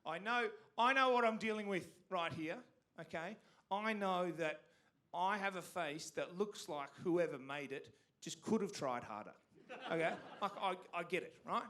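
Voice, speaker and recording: A man's voice: high-pitched, moderate pace, pushed and bright. A man with an Australian accent from Canberra doing a stand-up comedy set on a theatre stage, self-deprecating and stumbling over restarts.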